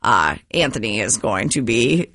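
A woman's voice: rumbling low, lively intonation, a little slow, fairly bright tone, dry recording. A woman co-hosting a radio show, reading sports and odd news in casual banter.

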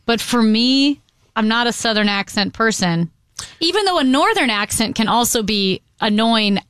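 A woman co-hosts a radio talk show with frank, giggly banter. Her voice is a bit high for a woman and sounds dry and close to the mic. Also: lively intonation, moderate pace, a bit bright, clean tone, dry recording. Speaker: radio co-host. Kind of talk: casual radio chat.

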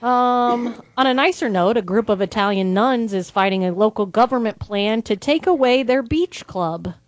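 A woman's voice: fairly high pitch, normal speed, dry recording. A woman host reading odd news stories aloud in a casual, wry way, breaking into laughs now and then.

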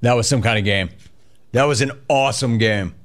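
A man hosting a sports talk radio show, reading listener chat aloud in energetic, quick bursts. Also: mid-range voice.

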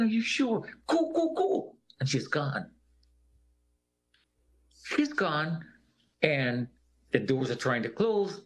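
A man with a mid-range, fairly bright voice shares a personal story in an interview, bringing it to life by acting out what other people said in their own voices.

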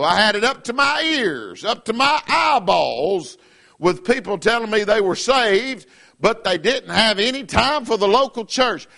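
A man's voice: high-pitched, gravelly, bright, forceful tone. A middle-aged man preaching a fiery sermon as pastor, in an emphatic, repetitive cadence.

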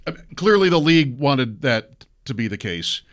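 A man co-hosting a sports radio show, wry and quick to get worked up over small gripes. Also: mid-range voice, big pitch swings.

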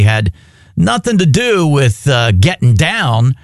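A man's voice: mid-range voice, big pitch swings, a little slow, no room sound, studio quality. A man working as a radio DJ, chatting casually on air and telling a story with plenty of fillers.

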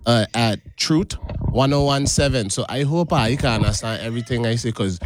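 A man's voice: medium pitch, moderate pace, noisy background. A man from the Caribbean co-hosting a talk show, speaking with a Caribbean accent in playful, teasing banter. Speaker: co-host. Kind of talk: casual chat.

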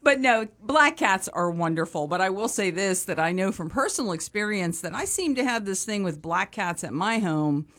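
A woman co-hosting a radio chat at a studio microphone. Her voice is mid-pitched and conversational. She laughs easily and sounds enthusiastic. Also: expressive, moderate pace, hardly any pauses. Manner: chatty, laughs often, warmly enthusiastic about cats. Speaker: animal shelter representative and radio co-host.

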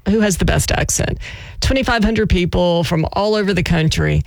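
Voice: mid-range voice, moderate pace, dry recording. A country radio DJ in casual on-air chat, giggly and self-mocking, on a studio mic in a radio studio.

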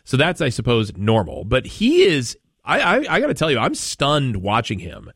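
A man's voice: mid-range voice, wildly swooping pitch, normal speed, fairly bright tone, slightly rough, no echo, studio quality. A man from Maine hosting a talk radio show, chatting in a rambling way with frequent restarts. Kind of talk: casual talk radio chat.

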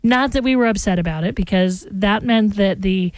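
A woman's voice: mid-range voice, moderate pace, no room sound. Chatty woman radio host. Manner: chatty and rambling, talks straight to listeners. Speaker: radio morning show host. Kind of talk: casual radio chat. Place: radio studio. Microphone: studio microphone.

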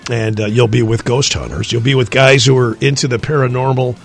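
A male radio host with an average-pitched voice, reading the weather and bantering loosely with his co-host. He rambles, jokes and interrupts himself, with faint music playing behind him. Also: fairly quick, vocal fry. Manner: rambling, jokey, self-interrupting. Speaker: radio morning show host.

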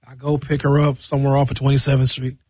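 A man's voice: medium pitch, completely flat delivery, quick pace, warm tone, slightly rough, dry recording. A man hosting a radio show, rambling through a bawdy comic monologue. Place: radio studio.

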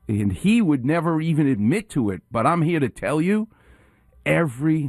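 A man's voice: mid-range voice, a little mellow, no echo, clean studio sound. A man hosting a radio show, a surgeon explaining storytelling craft with enthusiastic, emphatic commentary.

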